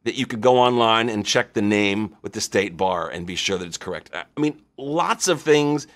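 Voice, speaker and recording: A middle-aged man hosting an insurance show, telling a story in a lively, conversational way. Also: fairly low pitch, normal speed. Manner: animated, conversational, acts out quotes. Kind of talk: storytelling monologue.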